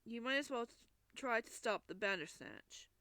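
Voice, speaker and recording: A woman voicing a fussy, excitable king in a storybook reading, with fretful, breathless exclamations. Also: a little high, moderate pace, clean tone, no echo.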